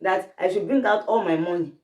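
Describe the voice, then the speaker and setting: Middle-aged Nigerian woman, Yoruba first language, lively storyteller, echoey room. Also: on the low side, fairly quick. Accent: Nigerian English. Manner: animated storytelling, acts out voices, laughs while telling. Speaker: storyteller guest, the host's mother. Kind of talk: candid family conversation. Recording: roomy, distant mic.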